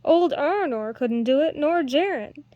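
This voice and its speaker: A woman reading a storybook voices a lively young woman harper who argues in an eager, earnest way. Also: high-pitched, measured pace, no echo, highs cut off.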